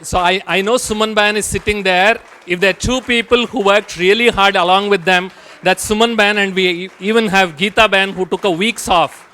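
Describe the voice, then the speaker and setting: A man's voice: high voice, fairly even intonation, normal speed, sharp tone. A man from India hosting a gathering on a handheld mic, thanking the volunteer team and calling people forward. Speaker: event host. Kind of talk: addressing a gathering.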